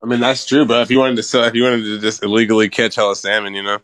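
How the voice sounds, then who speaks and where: A man's voice: lowish voice, little pitch movement, rapid-fire, a bit bright, dry recording. Slangy laid-back man on a podcast. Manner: slangy, loose, joking. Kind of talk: casual podcast banter.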